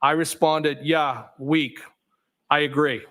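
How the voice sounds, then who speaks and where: A man testifying as a trial witness, reading text messages aloud in a steady, matter-of-fact way, saying the punctuation out loud. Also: a little high, takes it slowly. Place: courtroom.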